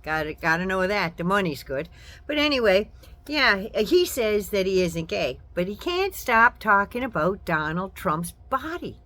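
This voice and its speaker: A woman's voice: mid-range voice, big pitch swings, measured pace, a bit bright. An older woman vlogger delivering a casual, sarcastic political commentary rant with mocking asides.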